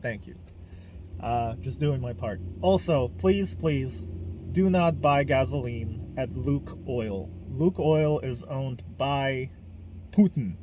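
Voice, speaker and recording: A man's voice: medium pitch, slow pace, warm tone, slight background noise. A man from Ukraine, hosting a casual podcast monologue in a blunt, emphatic way, swearing freely. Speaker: podcast host.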